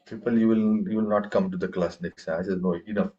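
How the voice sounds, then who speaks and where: A man's voice: on the low side, fairly even intonation, fast, warm tone, lo-fi sound. A man teaching a tabla class, chanting rhythm syllables and quizzing his students. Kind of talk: classroom lesson.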